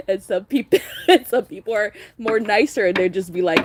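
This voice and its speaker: A woman's voice: medium pitch, lively intonation, normal speed, darkish tone, a little hiss or hum. A young woman doing a casual tarot reading vlog, talking chattily, laughing often and swearing casually. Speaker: tarot reader.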